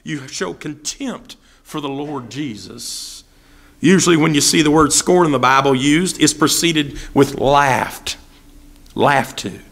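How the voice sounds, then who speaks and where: A man's voice: on the high side, takes it slowly, gravelly, fairly bright tone. A man preaching a sermon as pastor, asking repeated rhetorical questions and acting out the voices of people he quotes. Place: church sanctuary.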